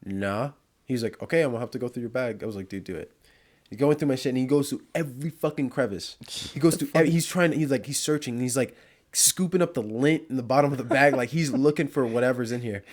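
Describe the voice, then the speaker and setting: A man's voice: mid-range voice, fast. A young man tells a story on a casual podcast, loose and profane. He laughs easily and wanders through his sentences. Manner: swearing, laughing, telling a travel story. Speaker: podcast co-host.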